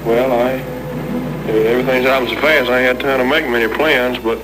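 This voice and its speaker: A young man answers in a mid-pitched voice, halting with fillers but politely brief, calling the host sir. It sounds like a vintage radio interview. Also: fairly even intonation, background noise. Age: young adult.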